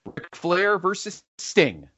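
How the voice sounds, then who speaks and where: A man's voice: high-pitched, slow pace, no echo, highs cut off. A man hosting a casual podcast countdown, rambling and correcting himself as he goes. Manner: rambling, self-correcting, animated. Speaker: podcast host.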